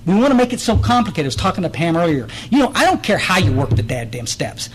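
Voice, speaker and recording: A man's voice: sits high, animated, fast talker, slight background noise, rough recording. A man, giving a blunt, direct recovery meeting talk full of stories and restarts, speaking in a meeting room.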